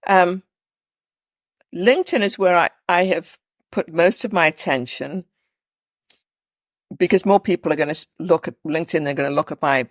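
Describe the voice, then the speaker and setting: A woman's voice: on the low side, normal speed, long pauses, no echo. A woman, an executive coach, asking questions on a video call and thinking aloud, hesitant and self-correcting.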